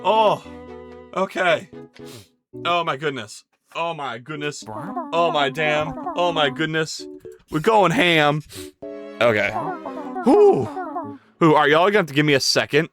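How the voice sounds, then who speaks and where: Streamer, chatty self-talk, lively swooping pitch, sudden yelled swearing, faint music behind. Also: a little slow, pauses often. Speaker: live streamer. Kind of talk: casual live-stream chat while working.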